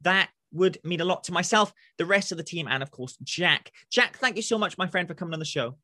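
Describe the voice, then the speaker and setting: A male podcast host with a high, bright voice, running a casual interview. He stays upbeat and effusive and often trips over his words. The sound is dry and close. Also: fairly quick, dry recording.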